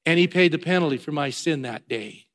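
A male preacher giving a sermon, shifting between loud emphatic lines and quiet, low passages, with repeated rhythmic phrases. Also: animated, a little fast.

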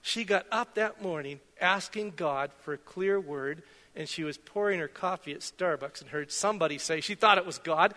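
A middle-aged Canadian pastor preaches a sermon in a church sanctuary, his high voice pushed and bright at a normal speed. He's conversational and self-deprecating, weaving in anecdotes, with the long reverb of a church hall around him.

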